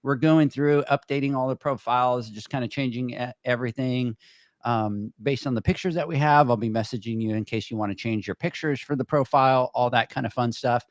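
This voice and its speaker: A man hosting a podcast, chatting in a relaxed way about upcoming voting and handing off to the sponsors. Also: medium pitch, a little fast, no echo. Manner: relaxed, chatty, many restarts. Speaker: podcast host. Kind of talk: casual podcast chat.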